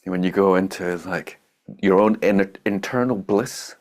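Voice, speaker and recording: A man's voice: low voice, moderate pace. A man giving an informal spiritual talk as a meditation teacher, blunt and joking, laughing at his own points.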